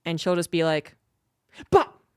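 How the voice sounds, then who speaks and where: A woman's voice: fairly low pitch, normal speed, fairly bright tone, smooth, dry recording, clean studio sound. A woman streamer in a casual livestream chat, telling a rambling, cursing story.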